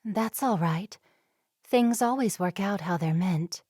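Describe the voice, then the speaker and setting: Woman doing a gentle amish girl, reassuring, unhurried, dry close sound. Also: medium pitch, breathy edge, dry recording.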